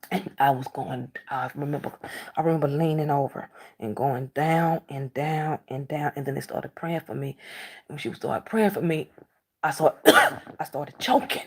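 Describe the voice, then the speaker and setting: A woman tells a personal story straight to camera, repeating phrases as she goes. Her low voice is raspy and gravelly with plenty of fry, and it climbs high when she gets upset. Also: moderate pace.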